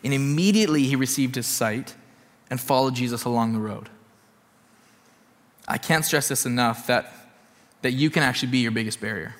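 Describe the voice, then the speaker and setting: A man's voice: medium pitch, a little fast, long reverb tail. A man preaching a sermon as a pastor, earnest and repeating his points for emphasis.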